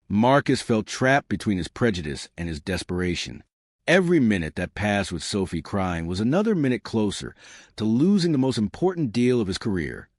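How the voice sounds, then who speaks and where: Male narrator with a lively low voice. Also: normal speed, no echo, studio quality. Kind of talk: scripted dramatic story narration.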